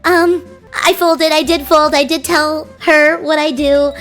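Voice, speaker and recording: A young woman streamer telling a story to her chat in an animated, giggly way, often restarting her sentences. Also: high-pitched, a little slow, soft background music. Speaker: VTuber streamer.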